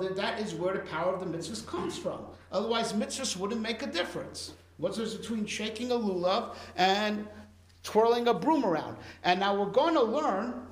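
A man with a high-pitched voice teaches a casual Torah class in a reverberant space. He talks conversationally, mixing in Hebrew and Yiddish terms and checking in often with "right?"

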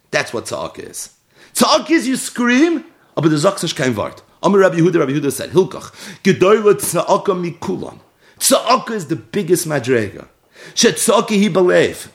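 A man teaches a sacred text, reading each line and then explaining it. His fairly high voice swings widely, rising for emphasis and dropping to low asides. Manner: reads Aramaic and Hebrew lines, then explains in English with Yiddish words. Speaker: Torah teacher. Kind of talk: Talmud-style text study.

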